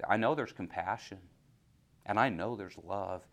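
A man preaching a sermon, asking the congregation questions and swinging from hushed near-whispers to loud, rising exhortation. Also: on the low side, unhurried.

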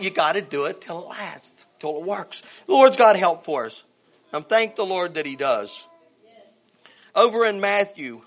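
High, bright-voiced impassioned male preacher. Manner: impassioned, swings between shouting and hushed tones; folksy phrasing and rhetorical questions. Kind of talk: evangelical sermon.

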